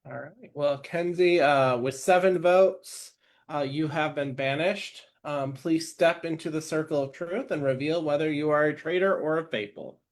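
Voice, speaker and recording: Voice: medium pitch, normal speed. A game host running an online vote in a casual, loose way with plenty of filler words.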